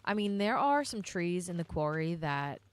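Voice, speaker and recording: A woman's voice: lowish voice, big pitch swings, moderate pace, slight background noise. A young woman giving casual, rambling gameplay commentary as a gaming vlogger, chatting directly to her viewers.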